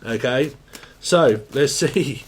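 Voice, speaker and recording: A man's voice: medium pitch, lively intonation, takes it slowly, a little hiss or hum. A man giving a casual tarot reading, rambling, crude and jokey, often laughing. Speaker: tarot reader.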